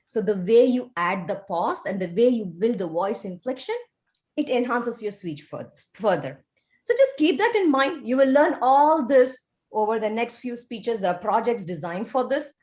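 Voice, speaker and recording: A woman's voice: a little high, big pitch swings, normal speed, darkish tone. A woman evaluating a club member's first speech over a video call, in an encouraging, teacherly way.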